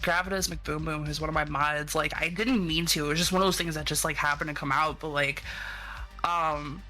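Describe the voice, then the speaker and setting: A streamer guest on a casual podcast, rambling through stories full of fillers, swear words and acted-out quotes. The voice has a sharp, forceful edge at a middle pitch, with faint music in the background. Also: fairly even intonation, fairly quick. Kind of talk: casual chat.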